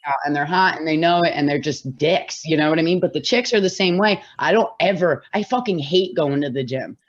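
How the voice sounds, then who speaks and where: A woman's voice: deep voice, fairly quick, highs cut off. A woman co-hosting a podcast in casual chat, blunt and swearing freely, often laughing. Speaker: podcast co-host.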